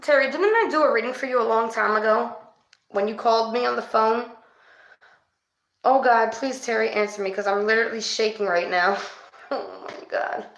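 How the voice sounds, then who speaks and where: Excitable high-voiced woman in an echoey room. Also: creaky. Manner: chatty, excitable, calls viewers babes. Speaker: psychic reader. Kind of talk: casual livestream spirit session.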